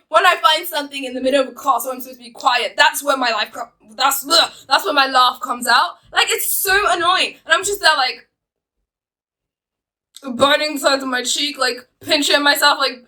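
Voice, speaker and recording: Young woman, vlogger, high voice, rambling casual chat, giggly. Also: normal speed, bright, forceful tone, poor audio. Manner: giggly, rambling, chatty with many fillers. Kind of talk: casual storytelling to camera.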